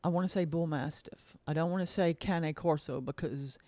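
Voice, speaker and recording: A woman's voice: low voice, moderate pace, a little mellow, no room sound. A woman casually telling a rambling story, repeating herself and acting out the dialogue she quotes. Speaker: vlogger.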